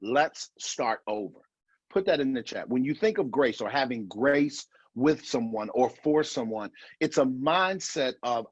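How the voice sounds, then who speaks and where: A man's voice: medium pitch, animated, normal speed, breathy edge, dry recording, dull audio. A middle-aged man giving an earnest online conference talk, repeating phrases for emphasis and restarting often, heard over a video call. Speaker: marriage conference speaker.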